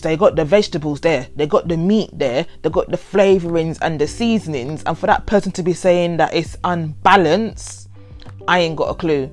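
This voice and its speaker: Woman chatting over soft music. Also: fairly low pitch. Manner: animated, laughs often, playfully dramatic. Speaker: vlogger reading overheard quotes. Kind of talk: casual chatty commentary.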